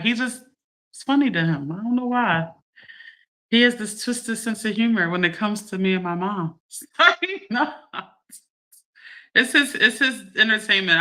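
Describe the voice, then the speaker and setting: Lady chatting live to viewers, super bright voice, laughs a lot. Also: fairly low pitch. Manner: animated, laughing, addresses viewers as y'all. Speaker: livestream host. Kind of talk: casual chat to a live audience.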